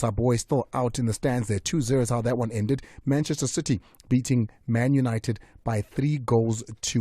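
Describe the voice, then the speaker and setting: A man's voice: mid-range voice, warm tone, husky, no echo, clean studio sound. A man hosting a radio sports show, reading results and chatting with plenty of fillers. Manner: chatty, with frequent fillers and restarts. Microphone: studio microphone.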